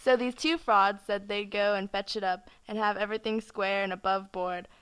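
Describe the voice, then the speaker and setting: A young woman narrating a story for a student project in a relaxed, folksy way. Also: mid-range voice, normal speed, clean tone.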